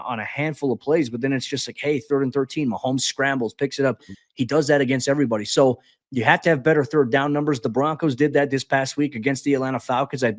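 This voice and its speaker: Fast-talking man breaking down football. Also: medium pitch, no echo, studio quality. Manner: animated, many restarts and "hey" asides. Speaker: beat reporter and podcast co-host. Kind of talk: sports podcast preview talk.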